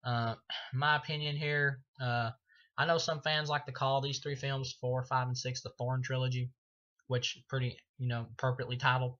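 A man's voice: mid-range voice, level tone, normal speed, fairly bright tone. A man giving a casual spoken movie review, rambling and swearing with lots of filler words. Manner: rambling, profane, full of fillers. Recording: dull lo-fi recording.

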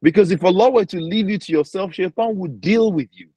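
A man's voice: high-pitched, fairly quick, dark tone, husky, dry recording, low-quality recording. A man, speaking as an imam giving a Ramadan reflection, acting out quoted voices and often checking in with "right?".

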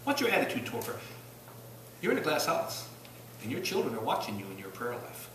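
A man preaches a sermon in a church, throwing out question after question. His voice is bright and somewhat high, swinging widely between loud bursts and low, quiet asides. He sounds far from the microphone in a roomy, echoing sanctuary with faint hiss. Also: huge pitch swings, fairly quick. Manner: rising to loud bursts then dropping low, rhetorical questions. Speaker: pastor. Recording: echoey church room from a distance.

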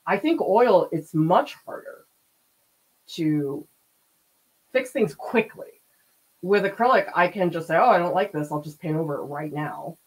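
A woman's voice: fairly low pitch, expressive, a little slow, long pauses, darkish tone, breathy edge, poor audio. A woman art teacher chatting casually as she paints during a live demo, laughing often and reading out viewer comments. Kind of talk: casual livestream chat while painting.

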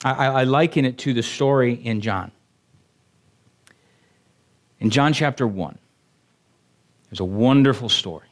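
A man preaching a sermon to a congregation. He makes joking asides to them and builds up to excited exclamations. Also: medium pitch, a little slow, pauses often. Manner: animated, rising to exclamations. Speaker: pastor.

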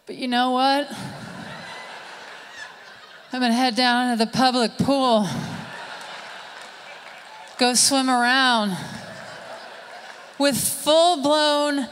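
A woman comedian performing a stand-up set live on stage, with a dry, deadpan delivery. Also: high voice, very slow, long pauses. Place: stage at a live summit event, indoors. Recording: live hall reverb, faint room noise.

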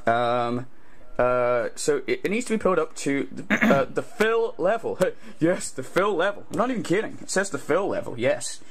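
A man's voice: on the high side, big pitch swings, moderate pace, slight background noise. A man putting on an exaggerated parody of a male streamer, rambling and stammering while making noodles. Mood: fussy.

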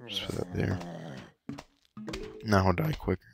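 Man, frog in his throat, voice cracking, quiet late-night gaming chat, slangy and boastful, game music playing clearly behind. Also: lively intonation, measured pace. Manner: talking low and hushed late at night. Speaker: gamer. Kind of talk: casual let's-play commentary.

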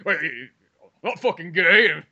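A man with a high, very sharp voice edged with gravel banters as a guest on a comedy podcast. He jokes and swears freely in quick back-and-forth. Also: expressive, dull audio. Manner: joking, profane, playful.

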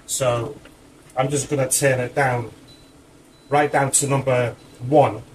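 Male home cook, unhurried and rambling, breathless, mid-range voice, light kitchen noise. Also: mid-range voice, steady tone, poor audio. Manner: chatty, rambling asides. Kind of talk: casual cooking commentary.

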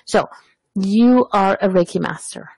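Woman host, gravelly husky voice, dry close sound, kinda jumps around. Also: medium pitch, a little slow, a little mellow, dry recording, low-quality recording. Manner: loose, admits she bounces around. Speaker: webcast interviewer. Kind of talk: casual interview.

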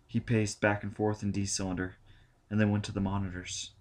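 A man narrating an audiobook in a steady, measured reading style. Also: fairly low pitch. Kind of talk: scripted narration.

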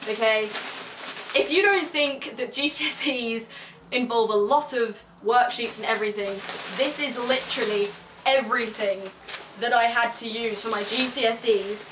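A woman's voice: a little high, measured pace, roomy sound, far from the mic, noisy background. A teenage girl, chatting emotionally and rambling in a casual vlog. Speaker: vlogger.

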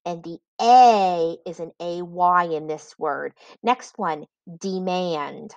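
A woman reading teacher giving a recorded spelling lesson for children, dictating words slowly and clearly with example sentences. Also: fairly low pitch, a little mellow, no echo, lo-fi sound.

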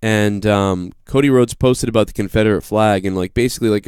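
Smooth-voiced Boston man, rambling and profane. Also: lowish voice, fairly even intonation, fairly quick, hardly any pauses, darkish tone, dry recording, clean studio sound. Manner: rambling, profane, self-deprecating. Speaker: live show host. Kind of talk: casual live-stream storytelling.

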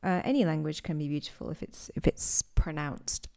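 Low, mellow-voiced woman teaching English. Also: fairly quick, creaky. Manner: thoughtful, with frequent restarts and fillers. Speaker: English teacher and podcast host. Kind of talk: casual podcast lesson.

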